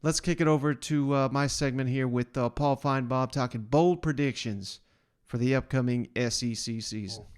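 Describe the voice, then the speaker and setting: A man's voice: mid-range voice, moderate pace, clean tone. A man hosting his own sports podcast, talking in a chatty, loose, off-the-cuff way. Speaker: podcast host. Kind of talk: casual podcast intro.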